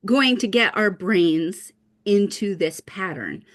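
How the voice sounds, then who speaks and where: Woman teacher, animated and encouraging, patient step-by-step explainer over a video call. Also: mid-range voice, slow. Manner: upbeat, reassuring, explains step by step. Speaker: writing teacher. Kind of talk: casual online lesson.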